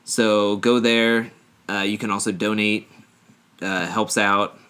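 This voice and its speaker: Male co-host, bright voice, casual rambling banter full of jokes and laughter. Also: fairly low pitch, little pitch movement, slow pace, clear, resonant tone. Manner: joking, rambling, laughs often. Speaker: podcast co-host. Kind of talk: casual chat, reading stories aloud.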